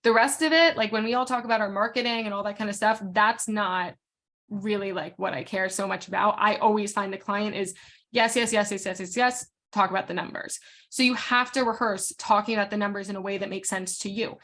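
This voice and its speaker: A woman leading a casual training session as a real estate coach. She is frank and talks quickly, full of fillers and restarts. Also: medium pitch, fairly even intonation, fairly bright tone.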